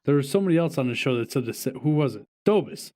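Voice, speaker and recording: A man's voice: mid-range voice, lively intonation, quick pace, darkish tone. A man hosting a podcast in casual chat, teasing and arguing with his co-hosts. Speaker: podcast host.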